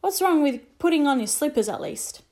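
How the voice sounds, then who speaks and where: A woman's voice: high voice, animated, a little fast, voice pushed up. A woman doing a stern scolding father. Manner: loud, scolding.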